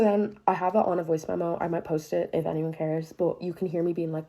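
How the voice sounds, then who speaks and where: A woman's voice: fairly low pitch, a little fast, hardly any pauses. A young woman telling a dramatic personal storytime, swearing often and punching her lines with sudden bursts of emphasis. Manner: expressive, profanity-heavy, dramatic retelling with bursts of emphasis. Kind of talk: storytime monologue.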